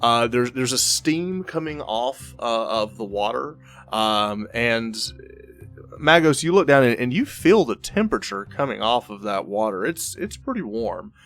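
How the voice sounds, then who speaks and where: A man runs a tabletop game, narrating in a casual, mid-pitched voice that often repeats words and restarts. Faint background music plays underneath. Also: lively intonation, measured pace, fairly bright tone. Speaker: game master.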